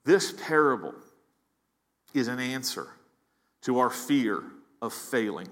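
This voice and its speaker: A man's voice: mid-range voice, very animated, slow, fairly bright tone. A man preaching a sermon as pastor, earnest, often repeating words as he builds emphasis. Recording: long hall reverb.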